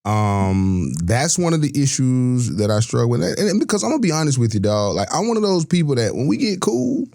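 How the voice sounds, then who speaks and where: A man's voice: medium pitch, big pitch swings, a little fast, gravelly, darkish tone. A man, a podcast guest telling his life story in an earnest, reflective way. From Georgia, US. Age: 40s. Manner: earnest, reflective, with many restarts. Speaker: podcast guest, sports broadcaster. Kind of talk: candid personal storytelling.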